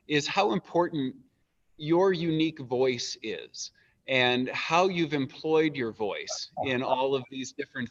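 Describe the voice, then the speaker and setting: Hesitant male interviewer, dull lo-fi sound. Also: mid-range voice. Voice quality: hesitant, restarting phrasing. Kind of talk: conversational interview questions. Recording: slightly dull lo-fi audio.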